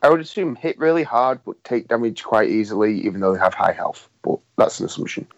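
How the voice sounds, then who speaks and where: A man's voice: fairly low pitch, animated, fast, creaky. A man playing a tabletop game, making tentative guesses and trailing off. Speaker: player. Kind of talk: casual tabletop game chat. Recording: dull lo-fi sound.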